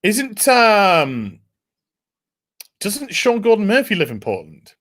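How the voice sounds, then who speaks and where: A man's voice: high-pitched, huge pitch swings, slow, a bit bright. A man hosting a casual podcast, swearing freely and reading out viewer messages. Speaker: podcast host.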